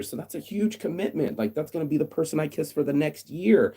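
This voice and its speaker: A man's voice: on the high side, lively intonation, fairly quick, few pauses, mellow, husky. A man delivering a blunt, profane rant straight to the camera in a casual vlog. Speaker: vlogger.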